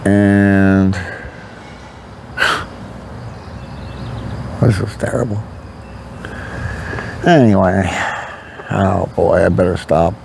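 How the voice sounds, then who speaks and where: An older man tells a personal story straight to camera in a loose, candid ramble, full of "you know" and "like." His voice sits low and sounds mellow. A faint hiss runs underneath the recording. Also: fairly even intonation, drawn-out words, gravelly, pauses often. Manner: rambling and candid, with frequent fillers. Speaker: vlogger.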